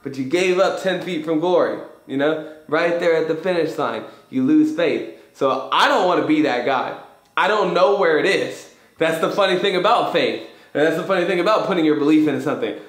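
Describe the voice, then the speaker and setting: A man hosting a casual motivational talk, emphatic and full of slang and swearing. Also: a little high. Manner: profane, emphatic, street slang. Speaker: host. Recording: echoey room.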